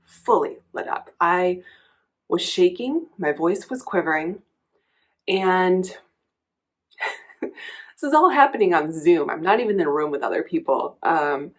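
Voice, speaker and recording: A woman's voice: fairly low pitch, husky. A woman coach speaking candidly and reflectively in a personal vlog, telling a story with many small restarts. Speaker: coach and vlogger.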